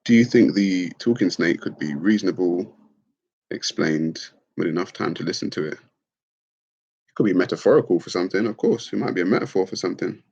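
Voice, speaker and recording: A middle-aged man, casually chatting on a livestream and reading out comments, laid-back and quick to laugh. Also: sits low, creaky, a little mellow, breathy edge. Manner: laid-back, laughs often, calls people bro. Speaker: livestream host. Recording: dull lo-fi stream audio.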